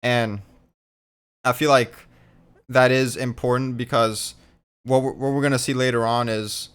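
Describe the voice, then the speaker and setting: A man's voice: medium pitch, level tone, measured pace, fairly bright tone, clear, resonant tone. A man in a casual fan discussion, talking animatedly with lots of fillers and casual swearing.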